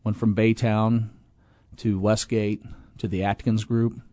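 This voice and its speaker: A man's voice: fairly low pitch, level tone, a little slow, warm tone, no echo, studio quality. A middle-aged man being interviewed, telling a long, rambling story about his business, with restarts and acted-out quotes. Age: 20s in 1997, now middle-aged. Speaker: guest, apartment property owner.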